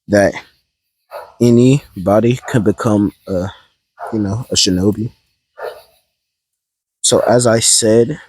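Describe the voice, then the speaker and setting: A man's voice: fairly low pitch, a little mellow, slightly rough, no echo, poor audio. A man casually telling a fan-fiction story in a rambling, hesitant way, often correcting himself.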